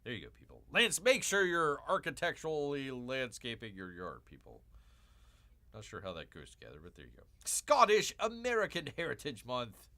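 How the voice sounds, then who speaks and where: A male livestream host with a lively, swooping delivery and a bright, forceful tone. He jokes his way through casual commentary, calling himself Bear. He drifts into rambling asides and repeats his own lines. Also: medium pitch, normal speed. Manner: joking, calls himself Bear in third person.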